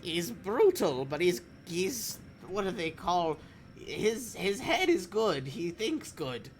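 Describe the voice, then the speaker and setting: A man voicing a scared little creature caught spying, stammering and pleading in a high voice. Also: very animated, slow, full character voice. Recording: faint background noise.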